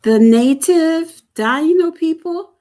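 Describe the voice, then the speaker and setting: A woman's voice: extremely high pitch, animated, takes it slowly, mellow. A woman reading a text aloud carefully during a live online session.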